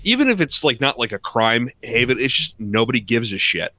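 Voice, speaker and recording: A man's voice: mid-range voice, very animated, fairly quick, sharp tone, dry recording. A man who is a podcast guest, chatting sarcastically and jumping into mocking put-on voices. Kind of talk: casual podcast chat.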